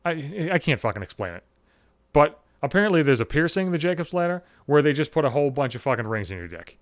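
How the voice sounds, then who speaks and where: A man rants through a comic story, swearing constantly, stumbling and repeating himself. His voice sits a bit high and swings up and down a lot. The recording is dry and close, with no room sound. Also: quick pace, dry recording. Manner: rambling, profane, animated. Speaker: vlogger. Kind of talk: profane comic rant.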